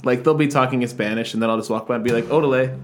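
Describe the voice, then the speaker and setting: A man's voice: mid-range voice, fairly even intonation, rapid-fire, slight background noise. A man in a casual chat, talking hesitantly with many fillers and some swearing. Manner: hesitant, lots of likes, swears.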